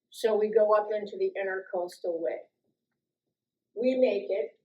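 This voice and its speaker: A middle-aged woman telling a personal story, lively and acting out the voices of the people in it. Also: unhurried, pauses often, echoey room, low-quality recording. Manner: lively, acts out quoted voices with big jumps in pitch and loudness. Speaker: storytelling guest speaker.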